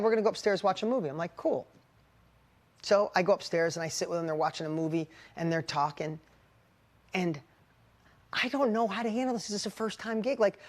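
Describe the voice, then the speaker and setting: A middle-aged man coaching a live mastermind group, casual and animated, calling on audience members by name and jumping up in pitch when a story gets exciting. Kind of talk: live motivational talk to an audience.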